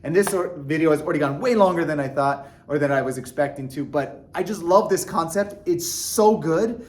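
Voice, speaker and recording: A man talking earnestly to his viewers in a casual motivational vlog, animated and full of restarts and fillers. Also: a little high, normal speed, a little hiss or hum. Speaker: vlogger. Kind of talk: casual motivational talk to camera.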